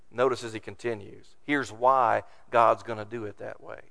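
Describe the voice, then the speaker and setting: A man's voice: mid-range voice, normal speed, gravelly, hardly any pauses, pushed and bright. A man preaching a sermon, reading scripture aloud and acting out the complaints of the people. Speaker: pastor.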